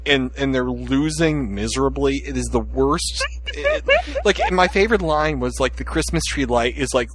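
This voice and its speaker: A man's voice: medium pitch, animated, moderate pace, a bit bright, a little hiss or hum. A man hosting a podcast, telling rambling jokey stories in casual group chat. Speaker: podcast host.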